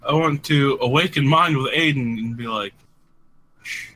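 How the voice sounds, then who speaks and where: A man's voice: mid-range voice, moderate pace, sharp tone, a little hiss or hum. A man playing a tabletop game, asking playful questions and laughing often. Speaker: player. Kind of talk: casual tabletop gameplay chat.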